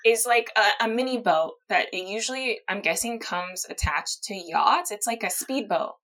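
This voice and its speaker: A woman with a medium-pitched, expressive, fairly bright voice hosts a casual podcast at normal speed, telling a true-crime story. She reads quotes aloud and laughs easily in this storytelling chat, captured on a low-quality recording.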